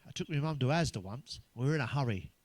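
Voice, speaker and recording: An English man doing a stand-up routine of crude, blunt one-liners, full of swearing, who pitches up when he quotes other people. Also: expressive, fast, darkish tone, no room sound. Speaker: stand-up comedian.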